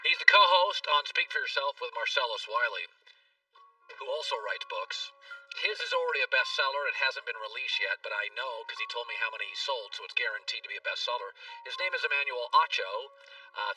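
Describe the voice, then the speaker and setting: A man in his fifties, an animated and emphatic radio show host, interviewing a guest. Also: mid-range voice, clean tone, recorded from a distance, poor audio. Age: 50s.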